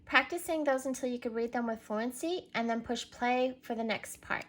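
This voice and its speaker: A woman's voice: fairly high pitch, normal speed, a bit bright. A woman teacher giving a recorded reading lesson to young children, patiently prompting and spelling words out letter by letter.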